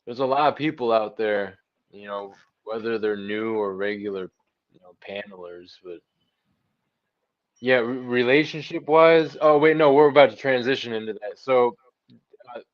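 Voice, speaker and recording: A man's voice: mid-range voice, moderate pace. A man chatting on a livestream panel, laid-back and slangy, searching for his words. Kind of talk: casual livestream panel chat. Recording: dull lo-fi online mic.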